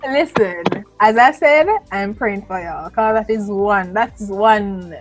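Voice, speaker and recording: A woman co-hosting a casual panel discussion, talking in a lively, playful and emphatic way. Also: medium pitch, slow, faint music behind. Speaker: co-host.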